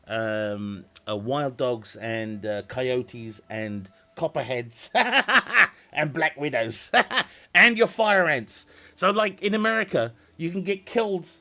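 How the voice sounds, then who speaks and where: A man's voice: medium pitch, bright, forceful tone. A man chatting casually with viewers on a live stream, rambling, swearing freely and laughing often.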